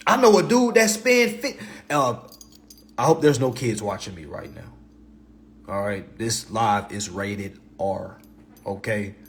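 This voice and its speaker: A man hosting a livestream in a blunt, profane, passionate rant, repeating himself and swinging between loud and low. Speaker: livestream host.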